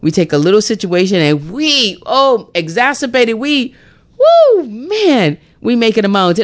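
A woman's voice: fairly high pitch, very animated, moderate pace. A woman hosting a radio book club hour, chatting casually, laughing often and acting out little voices.

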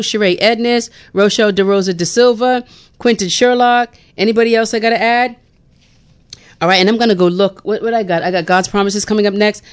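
A middle-aged woman from Bermuda hosts a chatty radio show, mixing casual talk with prayers and callers and laughing often. Her voice is medium in pitch, clear and resonant.

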